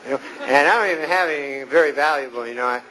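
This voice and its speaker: A young man from Canada doing a stand-up set in a comedy club, with a deadpan, rambling delivery and drawn-out pauses. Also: mid-range voice. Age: 20s. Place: comedy club stage with live audience. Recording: loud crowd laughter and noisy live room.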